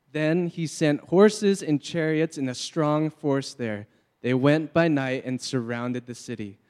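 In a church hall with long reverb, a man with a mid-range, slightly mellow voice that is clear and resonant leads a group Bible reading. He reads scripture aloud steadily and now and then jokes with the crowd.

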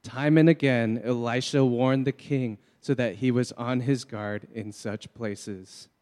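In a church hall with long reverb, a man leads a group Bible reading, reading scripture aloud steadily and joking with the crowd now and then. His medium-pitched voice is a little mellow and fairly even, at a slightly slow pace.

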